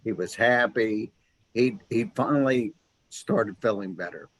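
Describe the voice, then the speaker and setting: A man hosting an interview, chatting casually and telling stories with lively restarts and asides. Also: fairly low pitch, unhurried, no echo, poor audio. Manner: animated storyteller, self-interrupting restarts. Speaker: host.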